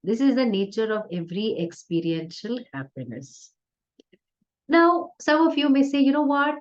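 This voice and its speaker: A woman spiritual teacher giving a conversational, playful discourse with soft laughs. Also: mid-range voice, sing-song, moderate pace. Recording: dull lo-fi recording.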